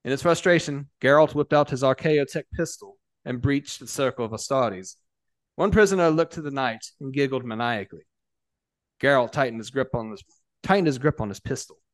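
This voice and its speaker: A man reads a story aloud at an even, mid-range pitch, with small slips and restarts as he goes. His voice is close and dry, with no room echo. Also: a little fast. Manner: steady reading with small restarts. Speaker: narrator. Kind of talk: scripted story narration.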